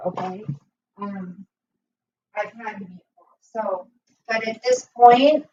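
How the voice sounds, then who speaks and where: A woman's voice: a little high, fairly bright tone, rough recording. A middle-aged woman chatting casually with viewers on a livestream, rambling through personal stories in an emotional way. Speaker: livestream host.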